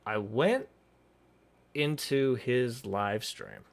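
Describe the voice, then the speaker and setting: A man's voice: medium pitch, very slow, creaky, no echo. A man streamer giving casual, profane commentary on a video, rambling with frequent restarts and asides.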